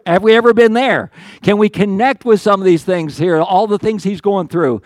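An older man preaches in an earnest, conversational way, stumbling and restarting as he works through his points. His voice sits high for a man, and the sound is dry and close with almost no room around it. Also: normal speed, no echo. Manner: conversational, earnest, with many restarts and acted quotes of the psalmist. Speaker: pastor. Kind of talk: sermon.

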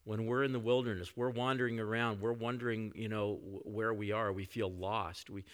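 A male pastor preaching a conversational sermon, often dropping to soft reflective tones. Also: on the low side, flat delivery, normal speed.

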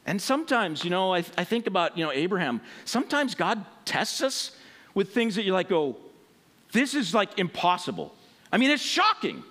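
A man preaching a sermon, telling a personal story in an animated way and acting out voices. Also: sits high, brisk.

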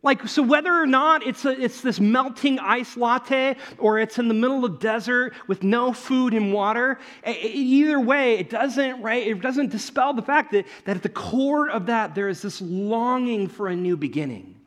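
A man preaching a sermon as pastor in a church, conversational and animated, often acting out the voices he quotes. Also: very high-pitched, moderate pace, hardly any pauses.

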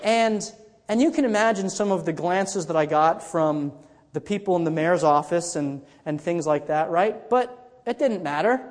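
Conversational pastor in a reverberant church. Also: male voice, sits high, moderate pace. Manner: conversational storytelling with frequent restarts. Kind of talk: sermon.

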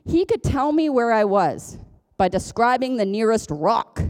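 A woman's voice: on the high side, sing-song, a little slow, a little mellow. A woman pastor giving a conversational sermon, chatty and self-deprecating, joking as she goes. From Ontario, Canada. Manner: chatty, self-deprecating, jokes and laughs often.

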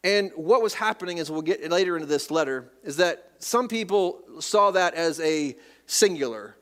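Folksy pastor preaching a sermon. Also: male voice, high voice, animated, normal speed, a bit bright. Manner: folksy, reads scripture aloud, jokes with congregation. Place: church sanctuary.

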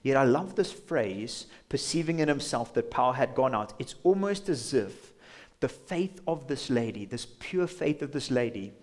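A man's voice: fairly high pitch, darkish tone. A man preaching a sermon as pastor in a church, passionate, sometimes acting out imagined voices. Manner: impassioned, acts out imagined inner voices.

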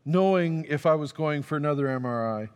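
A man's voice: on the high side, normal speed, a little mellow, smooth. A man preaching a sermon, telling a personal story in a conversational, self-deprecating way and acting out the dialogue. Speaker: pastor. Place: church sanctuary. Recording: long reverb of a large hall.

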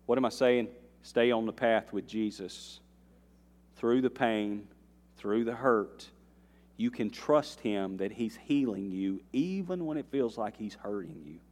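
In a church sanctuary, a pastor preaches a sermon, his mid-range male voice ringing with the long reverb of a large hall. He shifts between soft, earnest passages and loud surges of intensity, adding folksy asides to the congregation.

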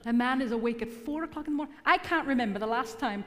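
A woman's voice: on the high side, fast talker. Woman preaching in a reverberant hall. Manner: humorous, teasing the congregation. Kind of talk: sermon. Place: church hall.

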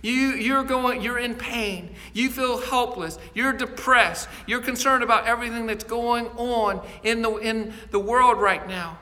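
A man's voice: very high-pitched, measured pace, hardly any pauses, sharp tone, in a large hall. A male pastor preaching a sermon in an earnest storytelling manner, often repeating words as he goes.

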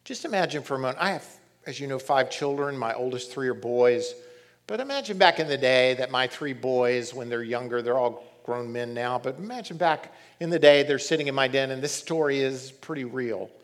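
A middle-aged man preaching a sermon as pastor, reading scripture and telling stories in an animated way. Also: medium pitch, a little fast. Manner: animated storytelling, reads scripture aloud.

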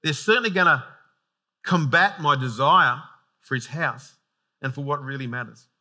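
A man preaching a sermon in a relaxed, conversational way, slipping in humorous asides. His voice is very bright and ringing, sitting slightly high for a man. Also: normal speed. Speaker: pastor.

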